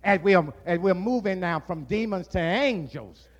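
A man preaching a sermon, building to shouted, drawn-out phrases. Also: sits high, lively intonation, muffled recording.

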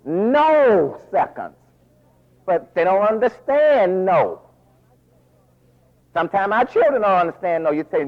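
A man preaching a folksy, animated sermon full of asides, recorded as a dull lo-fi radio broadcast. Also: sits high, normal speed, long pauses.

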